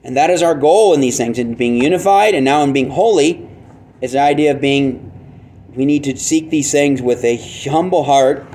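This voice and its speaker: A man's voice: fairly high pitch, moderate pace, darkish tone, a little hiss or hum. A man preaching an expository sermon, earnest and emphatic, teaching verse by verse with rhetorical questions. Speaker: pastor.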